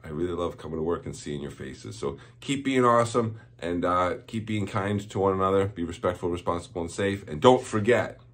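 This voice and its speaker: A man's voice: low voice, fairly quick, few pauses, a bit bright. A man, a school principal, giving cheerful morning announcements to students and chuckling at their jokes.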